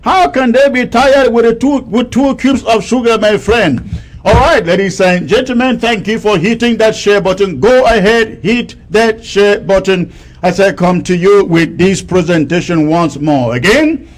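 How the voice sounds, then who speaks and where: Lively high-voiced man reading names slowly. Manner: reads out names slowly, chatty asides. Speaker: live-stream host. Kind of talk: reading viewer comments on a live stream.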